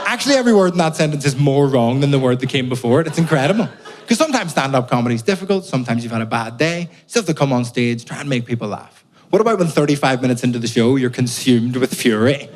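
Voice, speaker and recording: A man's voice: medium pitch, animated, fast, crowd noise. A man from Belfast with a Belfast accent, a stand-up comedian telling exasperated, sweary stories on stage. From Belfast, Northern Ireland. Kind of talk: live stand-up set.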